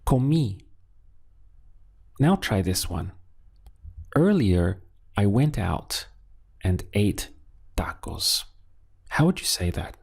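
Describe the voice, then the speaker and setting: Man, language teacher, slow, gravelly, dark husky voice, patient question-and-answer lessons. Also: on the low side, sing-song. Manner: patient, asks questions then gives the answer.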